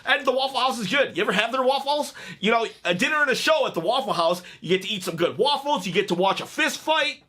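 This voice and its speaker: A man with a high, bright, forceful voice talks through a clip in a loose, chatty way. He cracks jokes and laughs at his own stories as he reacts. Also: animated, fast, hardly any pauses. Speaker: wrestling reaction video host. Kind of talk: casual reaction commentary.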